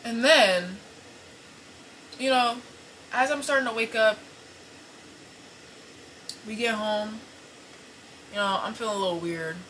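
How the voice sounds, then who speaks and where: A young woman hosting a podcast, telling an embarrassing story to camera in a casual, animated, profane way, full of fillers and apologies. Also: on the high side, slow, pauses often, a little hiss or hum, low-quality recording. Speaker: podcast host. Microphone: camera set up in front of her.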